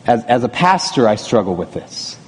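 A man's voice: medium pitch, big pitch swings, normal speed, slightly rough. A middle-aged male pastor preaching a sermon in a conversational way, with rhetorical asides to the congregation. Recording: long reverb of a church hall.

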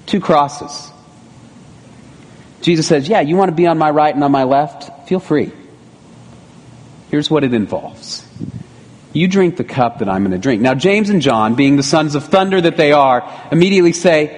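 A man's voice: a little high, lively intonation, moderate pace, pauses often. Man preaching in a reverberant hall. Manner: conversational preaching with rhetorical asides. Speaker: pastor. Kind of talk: sermon. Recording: long reverb of a church hall.

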